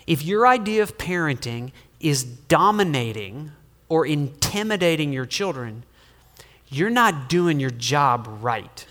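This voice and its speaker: A middle-aged man preaching a sermon as a pastor, lively and humorous, swinging between loud emphasis and quiet asides. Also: a little high. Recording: long hall reverb.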